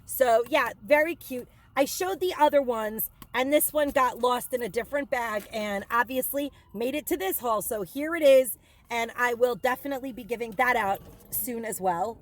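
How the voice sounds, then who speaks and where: A woman's voice: a little high, normal speed, slight background noise. A middle-aged woman vlogger telling a rambling story in casual chat, with many ums and likes. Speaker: haul vlogger.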